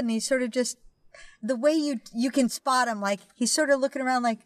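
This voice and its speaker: A woman's voice: on the high side, quick pace, no room sound, studio quality. A woman co-hosting a casual movie chat, telling festival stories and acting out quotes. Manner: animated storyteller, acts out quotes. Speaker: podcast co-host.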